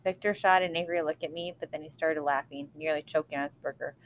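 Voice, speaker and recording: A woman reading a novel aloud in a steady, even way. Her voice sits a little low, and a faint hiss runs beneath it. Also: fast talker. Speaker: reader.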